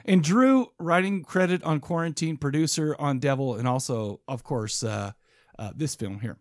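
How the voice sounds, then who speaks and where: Higher-voiced man telling rambling stories. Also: moderate pace, no echo, studio quality. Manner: rambling storyteller with restarts. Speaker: podcast co-host. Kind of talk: casual podcast banter.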